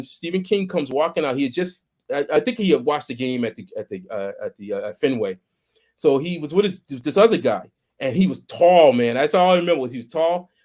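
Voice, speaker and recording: A man on a casual podcast, telling a story with lots of restarts and quoted voices. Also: on the high side. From Boston, United States. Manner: animated, repeats words and restarts, acts out quoted voices. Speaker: podcast co-host.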